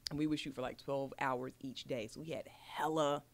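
A woman's voice: rumbling low, moderate pace. A woman, an actress, chatting casually on a podcast and telling stories bluntly with plenty of swearing. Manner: blunt, profane, animated storyteller. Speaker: actress guest.

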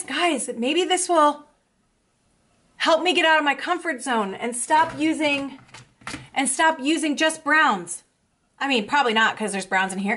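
A young woman vlogger chatting casually as she unboxes makeup, gushing and excitable. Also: high-pitched, measured pace. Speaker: beauty vlogger.

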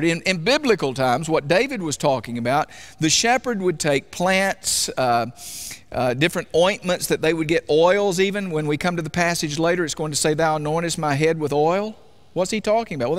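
A man preaching a sermon in a church, talking conversationally and asking his congregation questions. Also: fairly high pitch. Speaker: pastor.

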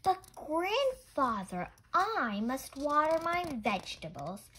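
A woman's voice: high-pitched, sing-song, slow pace, fairly bright tone, slight background noise, voice pushed up, heavily acted. Woman doing an eager, stubborn little girl. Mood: pleading. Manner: eager, pleading.

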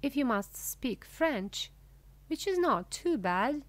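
A woman reading a humorous story aloud as scripted narration, slowly and clearly. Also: high voice, sing-song. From Russia. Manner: slow, clear, deliberate reading. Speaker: audiobook reader. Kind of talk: scripted narration of a graded reader.

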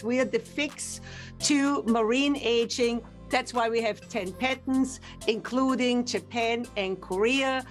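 Older woman, higher voice, confident product pitch on TV, faint music bed. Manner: confident, salesy explaining. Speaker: skincare company guest. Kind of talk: product pitch on a TV lifestyle segment.

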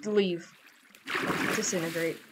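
Giggly gal playing minecraft, silly running commentary, a bit of hiss in the background. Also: female voice, fairly low pitch, steady tone, slow. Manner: playful, jokey and giggly, talking to herself. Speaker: Minecraft player. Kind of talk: casual gameplay commentary.

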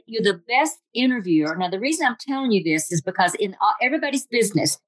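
A woman's voice: mid-range voice, a bit bright, no echo, poor audio. Folksy older Southern woman storyteller. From Tennessee, US. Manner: folksy, humorous, acts out quoted voices. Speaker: motivational speaker. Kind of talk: storytelling motivational talk.

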